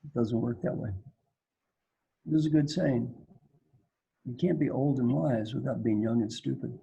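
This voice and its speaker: A man's voice: mid-range voice, normal speed, vocal fry, dark tone, breathy edge, muffled recording. An older man from Kentucky, a coaching speaker on a panel, telling stories in a folksy, joking way and repeating phrases for emphasis. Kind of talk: casual storytelling on a video call panel.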